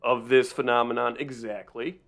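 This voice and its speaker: A man's voice: medium pitch, flat delivery, moderate pace, a bit bright. A man co-hosting a podcast in casual comedic chat, telling stories in a rambling way with many restarts. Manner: rambling, self-interrupting storyteller. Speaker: podcast co-host.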